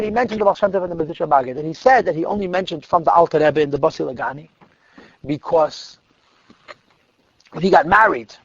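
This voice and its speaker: High raspy-voiced guy, rabbi storytelling at a class, gravelly, dull lo-fi sound. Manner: animated retelling that drops to quiet asides. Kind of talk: storytelling lecture.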